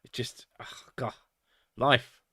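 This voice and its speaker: A man's voice: slow pace, a bit bright, no echo, clean studio sound. A man reading chat on a live stream, joking crudely, swearing a lot and laughing often.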